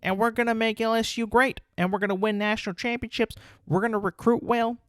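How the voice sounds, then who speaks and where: A man's voice: high-pitched, fairly even intonation, brisk, smooth, no room sound, studio quality, voice pushed up, lightly acted. A man doing a put-on Southern US accent, playing a boastful middle-aged male football coach who rallies a crowd with big promises.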